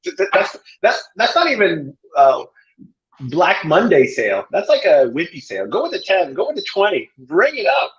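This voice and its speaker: A man with a higher-than-usual voice trades jokes and riffs as he co-hosts a casual livestream. He sounds playful and loose throughout. His voice comes through dull, lo-fi stream audio. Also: very animated, moderate pace. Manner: jokey, playful, riffing. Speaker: livestream co-host.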